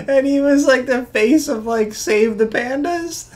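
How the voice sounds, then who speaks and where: A movie reaction host with a Newfoundland accent, chatting excitedly through a film and laughing often. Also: high-pitched, slow pace, a little hiss or hum. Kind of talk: casual reaction commentary.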